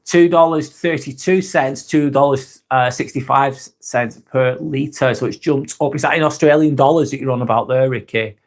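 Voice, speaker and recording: A man's voice: mid-range voice, normal speed, hardly any pauses. A man hosting a casual live chat, reading viewer comments aloud, laid-back, laughing often and swearing freely. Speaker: livestream host.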